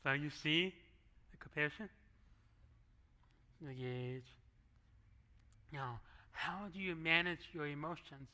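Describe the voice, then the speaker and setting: A man's voice: on the high side, slow pace, long pauses, sharp tone. A middle-aged man preaching a sermon as pastor, talking conversationally and slipping into acted asides, on a handheld microphone in a church. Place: church sanctuary.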